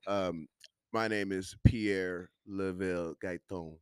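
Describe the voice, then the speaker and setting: Playful low-voiced man, dry sound. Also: steady tone, slow, darkish tone, clear, resonant tone, dry recording. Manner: playful, slips into joking voices. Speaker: podcast guest, comedian. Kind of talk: casual podcast chat.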